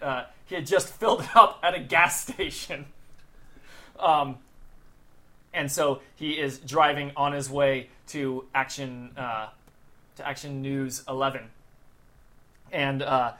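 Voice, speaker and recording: A man improvising a story in a tabletop game, talking haltingly with many restarts. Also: mid-range voice, fairly bright tone. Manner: halting, full of restarts and fillers. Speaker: player.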